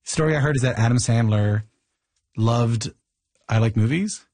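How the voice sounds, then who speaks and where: A man hosting a radio interview, introducing his guest and asking questions in a measured, conversational way. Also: mid-range voice, a little mellow, dry recording. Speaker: radio show host.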